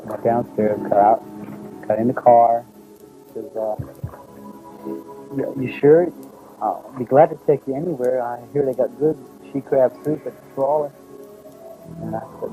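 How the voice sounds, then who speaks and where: Middle-aged man, dark mellow tone, rambling folksy storyteller, faint music underneath. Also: mid-range voice, a little slow, long pauses, low-quality recording. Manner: rambling, folksy, quotes others aloud. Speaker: abduction witness. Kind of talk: first-person storytelling.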